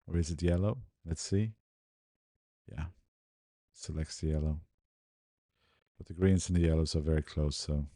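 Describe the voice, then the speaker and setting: A man's voice: deep voice, no echo, clean studio sound. A man talking through a photo editing tutorial, narrating his steps as he works and often muttering to himself. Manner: relaxed, muttering to himself while working. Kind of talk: screen-recorded editing tutorial.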